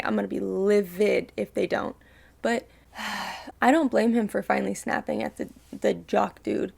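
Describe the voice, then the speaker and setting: A woman's voice: mid-range voice, creaky. A young woman hosting a reaction video, talking casually and emotionally, ranting and swearing freely.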